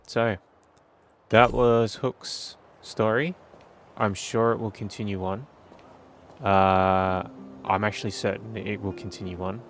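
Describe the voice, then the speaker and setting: Laid-back man with game music behind. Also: lowish voice. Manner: offhand, joking, swears freely. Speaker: gaming video host. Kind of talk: casual let's play commentary.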